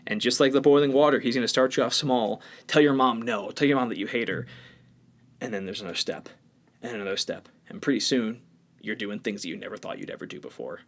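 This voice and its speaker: A man's voice: medium pitch, quick pace. A man co-hosting a podcast, talking bluntly and with strong opinions in a casual discussion. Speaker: podcast co-host.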